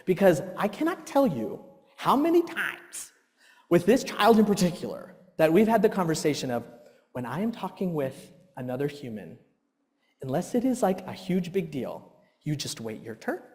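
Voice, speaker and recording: A man in his thirties giving a workshop talk, telling stories with animated acted-out outbursts. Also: a little high, moderate pace. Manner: animated storytelling, acts out his own outbursts. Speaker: workshop presenter. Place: church hall. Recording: long reverb in a hall.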